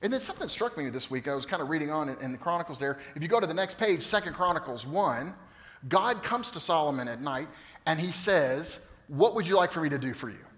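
A pastor in his fifties delivers a sermon, moving from loud, emphatic bursts to quiet, hushed moments. His voice sits a little high for a man. The long reverb of a large hall trails after his words. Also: quick pace. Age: 50s. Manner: animated storytelling, swings from loud to hushed.

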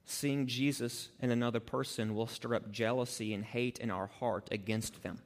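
Animated male preacher in an echoing hall. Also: mid-range voice, moderate pace, hardly any pauses. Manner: animated preaching that acts out quoted people. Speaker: pastor. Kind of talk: sermon. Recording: long hall reverb.

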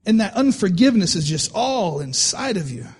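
A man's voice: high-pitched, big pitch swings, normal speed, slightly rough, in a large hall. A male pastor preaching a sermon in a conversational way, reading scripture aloud and often repeating his words.

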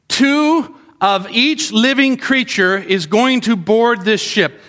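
A man preaching to children in an animated way, often asking them questions. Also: very high voice, slow. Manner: animated, asks the kids questions. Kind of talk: sermon to children.

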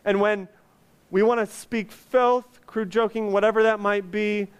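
A man's voice: high voice, steady tone, unhurried, smooth. A male pastor preaching a sermon, earnest and conversational with touches of humor.

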